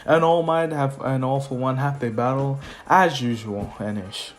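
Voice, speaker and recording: A man's voice: mid-range voice, normal speed. A young man retelling a story in a casual, rambling way, full of fillers and offhand asides. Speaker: YouTuber. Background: faint music.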